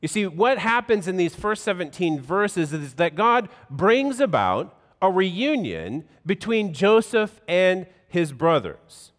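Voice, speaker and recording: A pastor reading scripture aloud in a measured, solemn way, then preaching a sermon in a church. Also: male voice, high-pitched, sing-song, fairly bright tone. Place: church sanctuary. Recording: long hall reverb.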